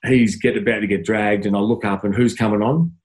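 A man's voice: lowish voice, fairly even intonation, brisk, a little mellow, poor audio. An Australian man, a former footballer, telling stories in a casual interview, stumbling over restarts and laughing as he goes.

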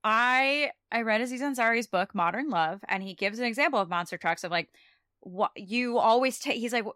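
A woman's voice: a little high, moderate pace, a bit bright, clean tone, dry recording, clean studio sound. A young adult woman co-hosting a podcast, chatting casually and animatedly about a TV episode, with lots of "like". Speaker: podcast co-host. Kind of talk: casual chat recapping a TV episode.

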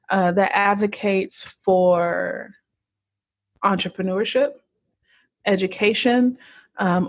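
A woman's voice: medium pitch, dry recording, highs cut off. A young American woman, an entrepreneur, talking earnestly and reflectively as a podcast guest. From United States. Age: young adult. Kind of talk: casual interview chat.

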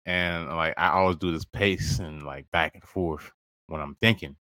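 A man with a lowish voice that comes through bright and forceful, recorded close and dry with no room sound. He talks like a podcast host telling a personal story to friends, loose and slangy, dropping "bro" and laughing as he goes. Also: steady tone, moderate pace, dry recording. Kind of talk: casual storytelling chat.

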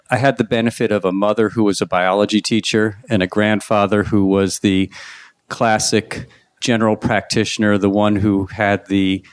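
A man's voice: fairly low pitch, dry recording. A middle-aged man from Long Island, a veterinarian guest telling wry stories in a casual interview. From Long Island, New York. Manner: wry, anecdotal storytelling.

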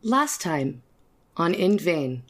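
A woman's voice: on the low side, big pitch swings, slow. A woman hosting a tabletop role-play podcast, reading sponsor messages in an upbeat, chatty way. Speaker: host.

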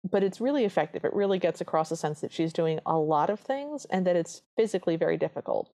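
A woman's voice: lowish voice, animated, quick pace, dark tone. A woman co-hosting a podcast, chatting casually and describing scenes of a film she loves. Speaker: podcast co-host. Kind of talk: casual chat recapping a film.

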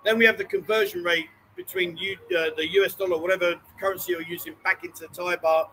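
A man's voice: high-pitched, steady tone, fast talker, sharp tone, slight background noise, low-quality recording. A man hosting a casual live stream from a bar, chatty and jokey, calling people mate and darling. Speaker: host.

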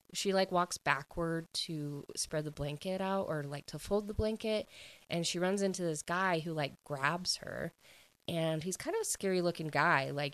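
A woman's voice: sits low, clean tone. A young woman casually recapping a romance novel's plot, chatty and full of "like", acting out the characters' lines. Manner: chatty, heavy use of "like", acts out quotes. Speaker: book reviewer.

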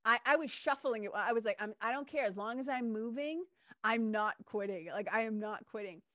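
Woman podcast host, bit high voice, dry close sound, animated storyteller. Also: brisk, dry recording. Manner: lively storyteller, swears casually. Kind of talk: casual interview chat.

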